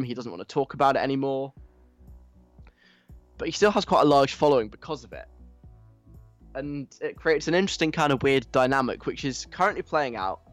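A man hosting a casual radio show from a studio mic, telling stories in a chatty, amused way. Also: mid-range voice. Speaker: radio host.

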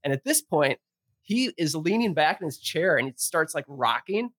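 Animated man telling a bar story. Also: on the high side, normal speed, dry recording, clean studio sound. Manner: animated storyteller, acts out quotes, laughs often. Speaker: guest bartender. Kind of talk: casual storytelling.

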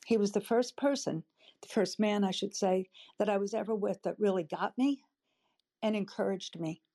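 An older woman in an audience, sharing tearfully and haltingly from the heart. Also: medium pitch. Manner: emotional, halting, warm-hearted. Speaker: audience member speaking up. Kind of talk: emotional personal sharing.

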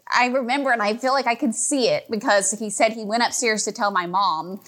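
A woman's voice: fairly high pitch, moderate pace, a bit bright. A young adult woman telling a personal story in a casual, chatty way, filling her talk with "like" and growing emotional as she retells it.

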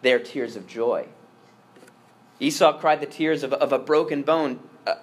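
A priest preaching a sermon, earnest and emphatic, repeating words as he restarts and swinging from strong stresses to hushed asides. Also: medium pitch, measured pace.

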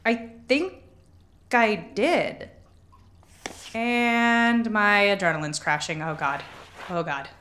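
A woman's voice: medium pitch, takes it slowly, long pauses, fairly bright tone. An anxious but determined young woman. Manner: shaky, self-coaching, earnest.

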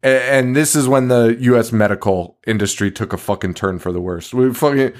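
A man's voice: mid-range voice, a little fast. A man co-hosting a podcast, recapping a horror movie in casual chat, swearing often, laughing and acting out the characters' lines. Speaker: podcast co-host.

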